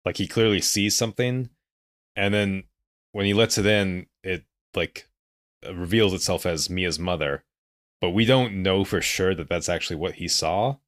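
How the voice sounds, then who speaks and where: A man's voice: sits low, normal speed, no room sound, clean studio sound. A man co-hosting a casual film podcast, talking in a rambling way with lots of fillers. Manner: rambling, many likes and restarts. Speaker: podcast co-host. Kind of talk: casual movie discussion chat.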